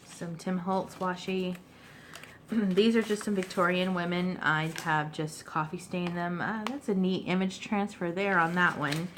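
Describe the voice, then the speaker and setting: A woman giving a relaxed, chatty show-and-tell of her handmade journal, clearing her throat now and then between fillers. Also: lowish voice, a little slow, slight background noise. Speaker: craft vlogger. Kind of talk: casual show-and-tell craft video.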